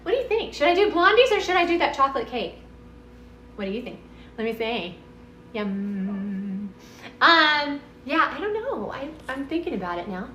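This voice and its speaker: A woman's voice: high-pitched, sing-song, fairly quick, pushed and bright, roomy sound, highs cut off, slight background noise. A woman with a Texan accent chatting casually in her home kitchen during a live cooking stream, bubbly and meandering as she talks to viewers. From Texas.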